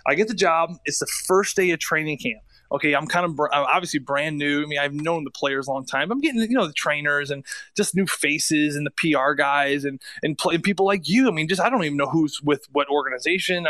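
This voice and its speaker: A man co-hosts a sports radio show in a somewhat high voice, caught in a dry, close studio sound. He chats casually and tells stories with animation, stumbling over quick restarts as he goes. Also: a bit bright, dry recording. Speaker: radio co-host and former hockey player.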